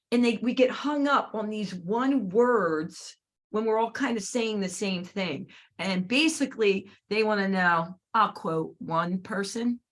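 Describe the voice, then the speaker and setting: Lively, unhurried woman host. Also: medium pitch. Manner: chatty and playful, acts out others' phrases. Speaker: podcast host. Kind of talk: casual podcast conversation.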